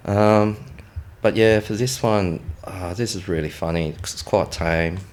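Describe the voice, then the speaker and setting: A man's voice: low-pitched, steady tone, unhurried. An Australian man telling war stories as a podcast guest, blunt and swearing freely as he acts out dialogue. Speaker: podcast guest, former military contractor. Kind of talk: casual storytelling.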